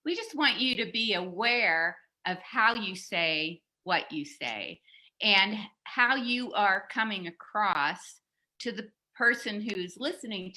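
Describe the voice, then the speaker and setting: A woman's voice: mid-range voice, sharp tone. A woman leading a communication workshop, explaining in a teaching tone with small restarts and light laughs. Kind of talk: teaching seminar talk.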